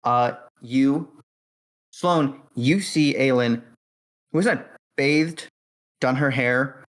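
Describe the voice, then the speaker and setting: A man narrating as game master of a tabletop horror game, calm and matter-of-fact with frequent fillers. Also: mid-range voice, slow pace, low-quality recording.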